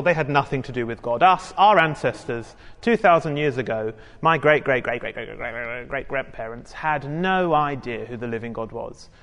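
A man's voice: fairly high pitch, in a large hall. A British man preaching a sermon in a chatty, joking way, talking to the congregation. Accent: British English. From United Kingdom. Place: church hall with a congregation.

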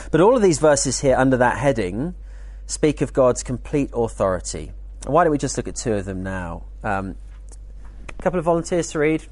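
A man leads a teaching session at a church weekend, talking in an easygoing, animated manner and dropping in jokey asides. His voice sits at a middling pitch. It is recorded close and dry, with no room echo. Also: normal speed. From United Kingdom. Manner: conversational, lively, jokey asides. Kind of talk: teaching talk.

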